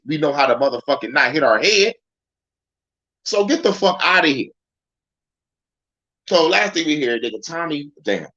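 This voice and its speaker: A man's voice: fairly high pitch, a bit bright, highs cut off. A man hosting a casual livestream, ranting and rambling in heated, profane commentary. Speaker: livestream host. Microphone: phone.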